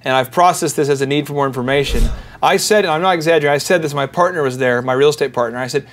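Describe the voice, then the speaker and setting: A man hosting a business radio show, telling sales stories with animated voices for the people in them. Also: on the high side, rapid-fire, noisy background. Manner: animated storyteller acting out voices in anecdotes. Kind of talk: storytelling business talk.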